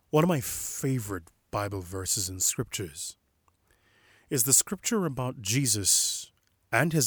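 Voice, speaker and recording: Young adult man, husky, reflective spoken meditation; slow, measured, hushed emphasis, dry close mic. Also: medium pitch, no echo. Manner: slow, measured, softly emphatic, sometimes whispering. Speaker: inspirational speaker.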